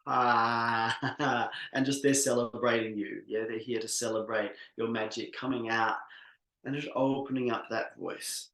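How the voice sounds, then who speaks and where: Workshop facilitator, male, mid pitch, gravelly; slow soothing guidance, echoey room, video call. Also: steady tone, fairly bright tone. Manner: slow, soothing guided instructions with many pauses and drawn-out "ah" sounds. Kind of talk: guided embodiment exercise on a video call.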